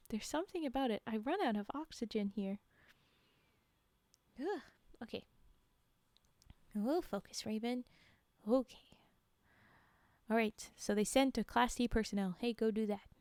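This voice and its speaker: A young woman streamer reading spooky stories aloud and chatting with viewers in giggly, animated asides. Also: fairly high pitch, smooth, no room sound, studio quality.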